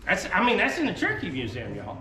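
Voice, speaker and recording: A high, bright, forceful voice swoops wildly in pitch and moves fast as a man gives a group an informal history talk as a reenactor. His manner is folksy, emphatic and conversational with drawling asides, and the recording is distant and echoey with a little hiss or hum.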